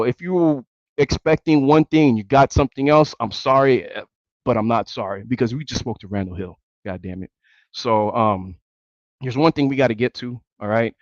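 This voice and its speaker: A man's voice: mid-range voice, no echo, lo-fi sound. A man hosting a sports talk show, ranting angrily and emphatically with lots of repetition. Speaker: sports radio show host. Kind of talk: heated sports talk rant.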